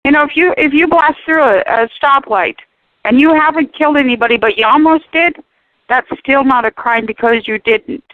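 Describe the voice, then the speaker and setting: Impassioned high-voiced woman on a phone line. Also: normal speed, dry recording. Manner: impassioned, preachy, emphatic. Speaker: guest. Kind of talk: animated talk radio discussion. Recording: tinny phone-line radio audio.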